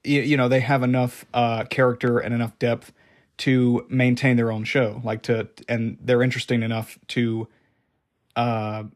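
Flat-voiced man rambling through a review. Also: mid-range voice, moderate pace. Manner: rambling, many fillers and restarts. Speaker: show reviewer. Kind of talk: casual unscripted review.

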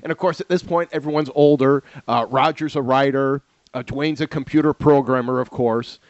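A man co-hosting a casual podcast about old TV shows, telling stories with animated asides. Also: mid-range voice, dry recording. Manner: animated storyteller, does quick impressions. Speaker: podcast co-host. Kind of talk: casual retro TV chat. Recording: dull lo-fi sound.

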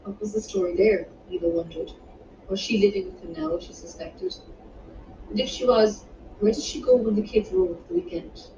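A woman narrates her own romance novel in a steady, unhurried reading voice. She sits some way from the mic in a roomy space, and the sound is dull and muffled. Steady background noise runs under her. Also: medium pitch, distant mic. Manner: measured, unhurried reading with small restarts. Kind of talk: audiobook narration.

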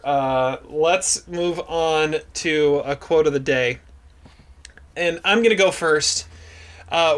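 A man's voice: fairly high pitch, fairly bright tone. A man hosting a casual podcast, laughing often and stumbling over repeated words as he leads the chat. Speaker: podcast host.

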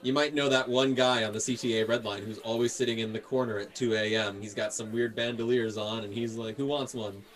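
A man's voice: mid-range voice, flat delivery, fairly quick, few pauses, fairly bright tone. Jokey man chiming in on a podcast. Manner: jokey, chimes in with short replies. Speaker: podcast co-host. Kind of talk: casual chat.

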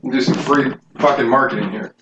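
A man's voice: medium pitch, brisk, crowd noise. A man hosting a casual home podcast, loose, joking and profane as he talks to his listeners. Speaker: podcast host. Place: home bedroom. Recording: echoey room, dull and noisy.

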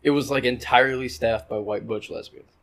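A man's voice: mid-range voice, steady tone, fairly quick, fairly bright tone. A young man co-hosting a podcast, telling loose stories and swearing casually. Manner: laid-back storyteller, swears casually. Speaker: podcast co-host.

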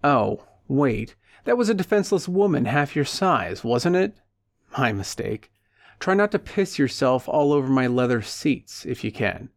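A cold, calculating hired punisher, calm and firm, every word measured, as a male narrator plays him. The voice sits at an ordinary pitch, recorded dry and close. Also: vocal fry, no room sound. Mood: cold menacing.

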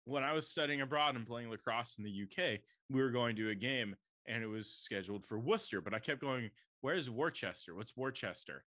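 A man's voice: medium pitch, fairly quick, hardly any pauses, sharp tone, no echo. A young man from the American Midwest co-hosting a podcast, chatting casually and quizzing his co-host with jokes. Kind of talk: casual chat.

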